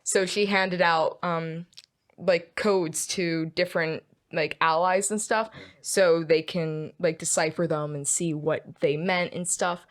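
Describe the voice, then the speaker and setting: A young woman chatting as a podcast guest, halting and laughing often as she recounts stories. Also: on the low side, steady tone. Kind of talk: casual chat.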